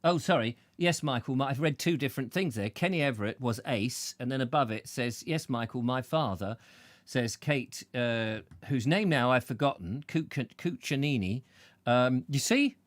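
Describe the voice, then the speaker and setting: A man's voice: mid-range voice, animated, moderate pace, no room sound. A man hosting a chatty show, rambling playfully and tripping over names as he reads out comments. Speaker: show host. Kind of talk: chatty live-stream banter.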